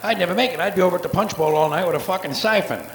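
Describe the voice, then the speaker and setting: Gravelly, profane stand-up comedian on stage. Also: male voice, high-pitched. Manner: profane, sardonic, rapid-fire wordplay. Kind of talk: live stand-up routine. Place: theater stage before a live audience. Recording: echoey live soundboard tape with faint hiss.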